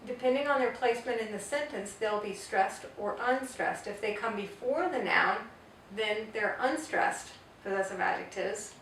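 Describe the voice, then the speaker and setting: A woman's voice: mid-range voice, moderate pace, a bit bright. A woman teaching a grammar lesson, patiently spelling out word forms one at a time. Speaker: Spanish teacher. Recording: echoey room, far from the mic, faint hiss.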